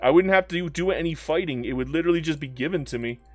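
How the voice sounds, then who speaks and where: A man doing live commentary on a strategy game, playful and excitable, talking to in-game nations and reading chat aloud. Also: a little high, quick pace, no echo, faint music behind. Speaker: game streamer.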